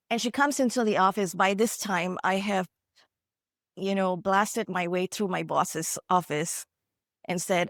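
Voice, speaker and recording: A woman's voice: medium pitch, steady tone, moderate pace, no echo. Earnest woman keynote speaker, dry sound. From India. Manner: earnest, conversational, frequent "you know" and "right?". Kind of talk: motivational keynote storytelling.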